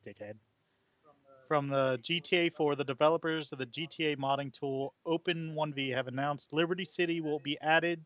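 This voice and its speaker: A man's voice: on the high side, no echo. A man co-hosting a casual podcast, joking and teasing as he rambles about games. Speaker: podcast co-host. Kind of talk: casual chat. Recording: dull lo-fi microphone.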